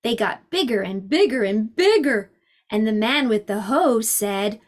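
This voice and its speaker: A woman preschool teacher reading a storybook aloud to young children in an expressive, sing-song way. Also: a little high, unhurried.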